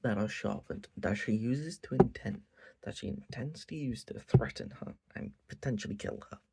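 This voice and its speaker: A man hosting his own channel, giving an animated, profane recap of a manga and acting out quotes as he goes. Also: medium pitch, normal speed, creaky, slightly rough. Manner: animated, swears a lot, acts out quotes. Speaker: channel host.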